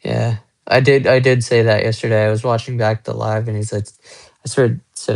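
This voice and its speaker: A man's voice: lowish voice, flat delivery, normal speed, creaky, a little mellow. A young man chatting casually with viewers on a phone live stream from a small room at home, rambling as he shows off his guitars and watches. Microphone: phone held close.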